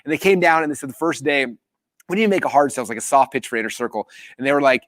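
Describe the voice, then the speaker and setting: A man hosting a live business training, telling a story with animated acted-out quotes. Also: very fast, no echo, clean studio sound. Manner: animated storytelling, acts out quotes with big pitch jumps.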